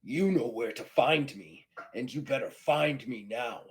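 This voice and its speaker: A man voicing a vengeful, proud male Klingon warrior, with a low, menacing, clipped delivery in a tabletop game. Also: a little slow, breathy edge. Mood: cold.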